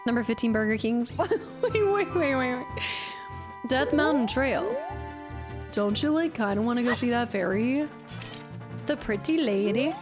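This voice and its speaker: A young woman streaming a game in casual, giggly chat, her voice going a bit hoarse as she keeps clearing her throat and talking to her cat. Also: on the high side, animated, normal speed, pauses often. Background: game music.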